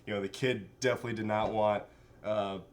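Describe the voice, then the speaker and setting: A man co-hosting a casual chat, joking in a deadpan way. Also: lowish voice, brisk. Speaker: co-host.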